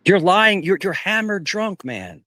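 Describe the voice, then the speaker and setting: A man arguing on a live panel over a video call, taunting and repeating himself in a mock-calm way. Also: high-pitched, measured pace, dry recording. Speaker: panel guest. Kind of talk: heated argument on a live panel.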